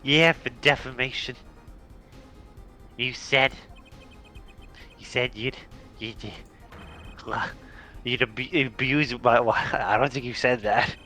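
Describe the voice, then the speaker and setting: A man's voice: medium pitch, steady tone, slow pace, long pauses, bright, forceful tone, soft background music. A man voicing a hotheaded spoiled rich young man, blustering and tripping over his words.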